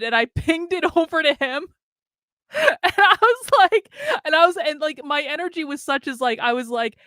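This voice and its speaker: A woman's voice: high voice, lively intonation, moderate pace, bright, forceful tone, dry recording, clean studio sound. A woman streaming a casual, candid monologue, swearing freely and laughing often, with an American accent. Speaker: streamer and commentator.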